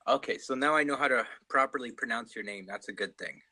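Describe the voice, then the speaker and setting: A man's voice: medium pitch, fast talker, bright, forceful tone, rough recording. A man with a Canadian accent in casual video-call chat, hesitant and chatty with many restarts.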